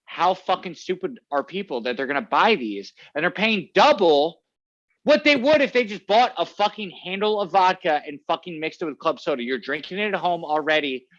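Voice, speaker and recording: A man co-hosting a casual podcast chat, ranting loudly and swearing often. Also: a little high, dull audio. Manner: profane, ranting. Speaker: podcast co-host.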